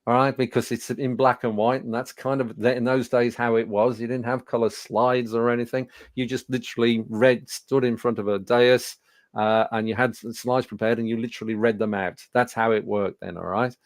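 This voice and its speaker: Gravelly older English man telling stories. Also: mid-range voice, moderate pace, no room sound. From England. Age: 60s. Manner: conversational, animated anecdotes with fillers. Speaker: webinar presenter. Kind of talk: storytelling presentation.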